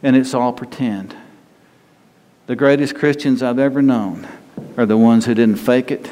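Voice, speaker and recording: A man's voice: mid-range voice, steady tone, measured pace, warm tone. A man preaching a sermon in a folksy, conversational way, acting out quotes of the people he talks about. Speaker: pastor. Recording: long hall reverb, faint ambient noise.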